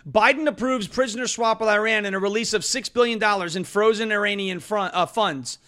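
Male host, loud ranting delivery, high bright voice, fast talker. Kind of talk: political commentary show.

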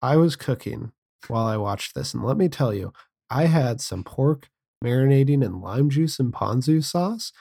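A man's voice: medium pitch, expressive, normal speed, gravelly, warm tone. A man co-hosting a film podcast, chatting casually with dry, rambling asides. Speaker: podcast co-host.

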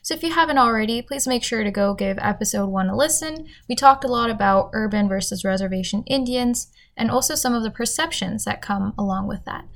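A woman's voice: fairly high pitch, brisk, few pauses. A woman host giving an upbeat, welcoming introduction to a podcast episode.

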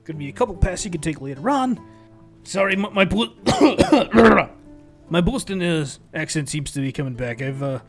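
Man voicing a talkative courier NPC; fillers, hesitant, friendly, a bit high-pitched. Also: very animated, moderate pace, faint music behind. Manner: rambling, hesitant, full of fillers. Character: chatty friendly male courier, middle-aged.

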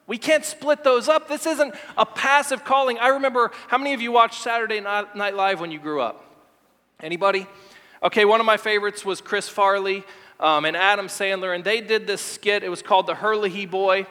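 Male pastor, sermon, emphatic, stumbles and repeats, bright tense tone, church sanctuary. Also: high voice. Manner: emphatic, repeats words, shifts from fast asides to slow stressed lines. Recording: long hall reverb.

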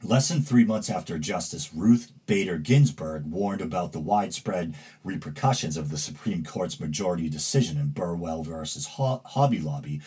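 Low-voiced man with New England accent. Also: lively intonation, moderate pace, few pauses, a little mellow, husky. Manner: rambling, hesitant, with many fillers and self-corrections. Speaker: podcast host. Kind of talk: casual commentary, reading news aloud.

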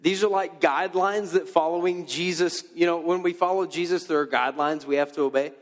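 A young adult man preaching a conversational sermon, animated and informal, often using "like" and "okay" as he talks to his audience. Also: on the high side, brisk, long reverb tail. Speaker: pastor.

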